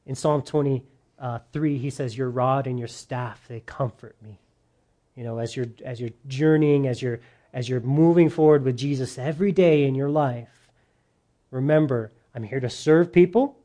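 Animated preacher man, mellow tone. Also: mid-range voice, normal speed. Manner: animated, rising loud on points. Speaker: pastor. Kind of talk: sermon.

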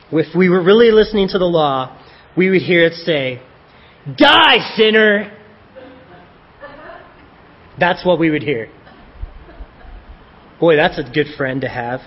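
A man preaches a sermon in a relaxed, conversational way and slips in joking asides. His voice sits fairly high and sounds husky. The recording is dull and lo-fi.

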